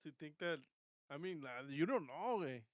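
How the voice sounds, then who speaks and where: Casting: relaxed man co-host, somewhat high, smooth voice, slangy bilingual banter, dull dry recording. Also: moderate pace, dry recording. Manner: laid-back, slangy, mixes in Spanish. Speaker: podcast co-host. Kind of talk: casual chat.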